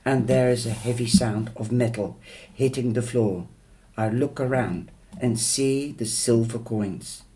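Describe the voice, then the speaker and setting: A man's voice: medium pitch, a little mellow. A man reading a novel chapter aloud, with small slips and restarts. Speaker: audiobook reader.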